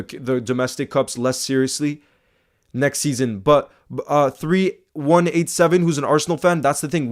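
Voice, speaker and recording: An excitable man hosting a football fan livestream, chatting casually, saying bro a lot and reading viewer comments aloud. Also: mid-range voice. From Iceland. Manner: excitable, fast-talking, says bro a lot.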